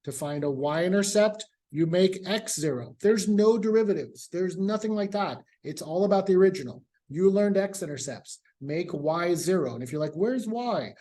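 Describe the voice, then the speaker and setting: A man's voice: sits high, normal speed, few pauses, warm tone. A man teaching a calculus class in a casual, conversational way, repeating his key points. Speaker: math professor. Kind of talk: classroom lecture.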